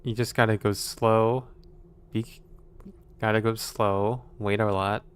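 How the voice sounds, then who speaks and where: A man's voice: lowish voice, little pitch movement, takes it slowly, clear, resonant tone. A man playing a stealth video game, thinking aloud in casual commentary with wry, sarcastic asides. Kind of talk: casual let's-play commentary.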